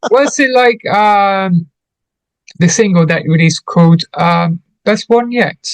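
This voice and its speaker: A man's voice: high-pitched, slow, no echo, poor audio. A man hosting a radio interview, asking questions hesitantly with many fillers.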